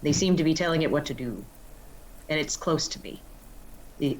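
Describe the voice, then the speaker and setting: A woman's voice: sits low, moderate pace, slight background noise, low-quality recording. A woman playing in a tabletop game, talking hesitantly with many fillers. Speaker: player.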